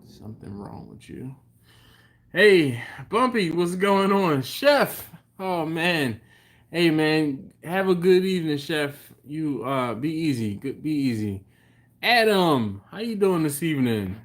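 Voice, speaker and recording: A man's voice: fairly high pitch, lively intonation, slow. A man hosting a live stream from home, casually greeting chat viewers by name and rambling between topics.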